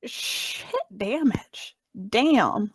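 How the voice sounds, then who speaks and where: A woman's voice: fairly high pitch, very animated, extremely slow, breathy edge, no echo. Blunt, laughing woman at the game table. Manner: blunt, laughing, swears offhandedly. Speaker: player. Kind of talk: casual tabletop game chat.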